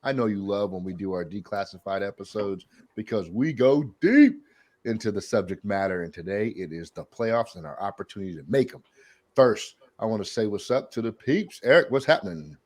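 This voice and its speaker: A man's voice: lowish voice, fairly quick. A man hosting a sports podcast, opening with showman hype and then chatting casually. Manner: hype showman intro, animated. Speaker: podcast host.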